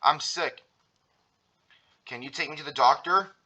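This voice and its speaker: A man reading aloud as SpongeBob, a sick, excitable young male sea sponge who talks in an anxious, sniffly way. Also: fairly high pitch, a little slow, exaggerated voice. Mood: nervous.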